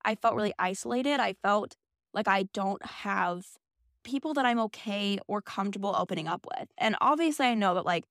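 Recording in a small closet yet getting dry, clean studio sound, this young female podcast host has an animated, medium-pitched, fairly bright voice. Her personal story comes out candid and emotional, dotted with quick asides.

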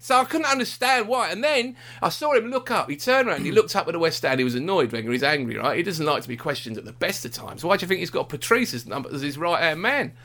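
A man rants about football in a casual podcast chat, indignant and self-mocking. His voice sits high and swings widely. He talks fast and sounds bright and forceful. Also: lively intonation.

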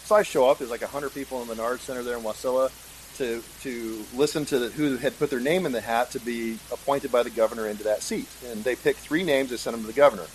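A middle-aged man telling a story in a casual interview, animated and acting out the voices of people he quotes. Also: mid-range voice, quick pace, slight background noise, low-quality recording. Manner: animated, acts out quoted voices, chuckles often. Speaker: guest, state senator.

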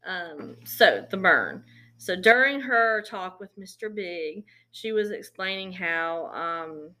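Bright-voiced woman telling a story. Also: lowish voice, lively intonation, slow pace. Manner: chatty, retells events with quoted dialogue. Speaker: podcast host. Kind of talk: casual true-crime storytelling.

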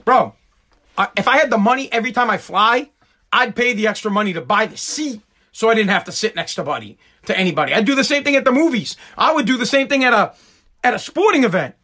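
A man from the United States delivers a profane live-stream rant in a strikingly high voice. His tone is sharp and bright. He is sarcastic and mocking the whole way through. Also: expressive, fast.

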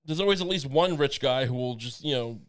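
A man's voice: medium pitch, expressive, brisk. A man co-hosting a podcast in casual chat, rambling and joking with crude asides and frequent restarts. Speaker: podcast co-host.

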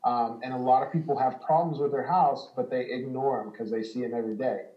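A man's voice: mid-range voice, brisk, roomy sound, dull audio. A man hosting a casual home repair talk, explaining with many ums and small laughs. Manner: relaxed, filler-heavy explaining. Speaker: home repair business host. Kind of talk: casual chat.

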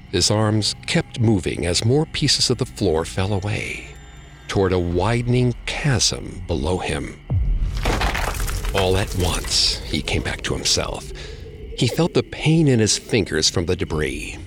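A man reading a scripted horror story as narrator, dropping to a hush at tense moments. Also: sing-song, slow, faint music behind. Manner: low, gravelly storytelling voice with dramatic hushed drops.

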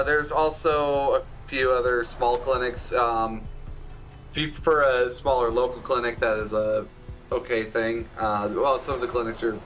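A man narrating as game master for a tabletop role-playing session, halting often with fillers. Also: medium pitch, pushed and bright. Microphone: streaming setup with audio box.

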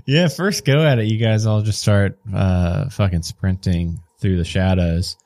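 A man's voice: low-pitched, unhurried, a little mellow. A young man narrating a tabletop game as game master, in a loose, rambling, casual way.

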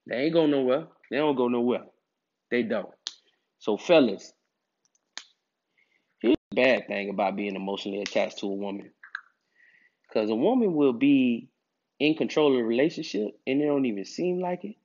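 A man's voice: mid-range voice, lively intonation, moderate pace, pauses often, a little mellow. A man giving dating advice to other men in a casual monologue, emphatic and preachy, with streetwise slang. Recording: dull lo-fi recording.

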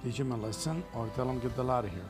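A man's voice: mid-range voice, rapid-fire, gravelly, music in the background. A man, a liquor store owner, speaking earnestly in non-native English as a podcast guest. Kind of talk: casual podcast chat.

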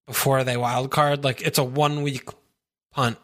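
A man's voice: mid-range voice, flat delivery, measured pace, fairly bright tone. A tired man co-hosting a podcast, chatting in an easygoing way, full of "you know" and "yeah". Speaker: podcast co-host. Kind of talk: casual chat.

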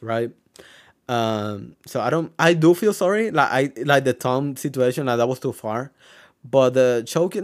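A young man from Mexico telling a personal story to camera in a casual, rambling way, full of "like" and "you know" and some swearing. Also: medium pitch. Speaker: vlogger.

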